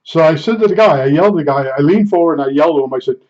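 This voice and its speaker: A man with a somewhat high voice tells his stories casually, rambling and chuckling at himself. The sound is dull and lo-fi. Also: lively intonation, very fast, darkish tone. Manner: rambling, chuckling, self-deprecating. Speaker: storyteller. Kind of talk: casual storytelling. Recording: dull lo-fi recording.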